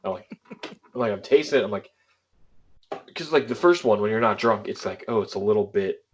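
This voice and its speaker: A man's voice: on the low side, animated, moderate pace, a little hiss or hum. Tipsy, rambling man in casual chat. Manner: rambling, self-mocking. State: a little drunk.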